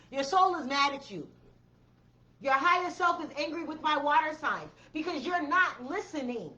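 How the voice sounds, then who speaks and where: A woman's voice: high-pitched, pushed and bright, lo-fi sound. A woman giving a blunt, profane tarot reading, repeating her commands with emphasis. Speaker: tarot reader.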